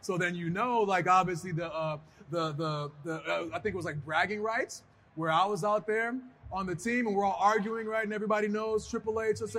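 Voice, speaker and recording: A man as an interview guest, telling stories in a casual, animated way and acting out voices. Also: high-pitched, fairly quick. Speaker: guest, pro wrestler.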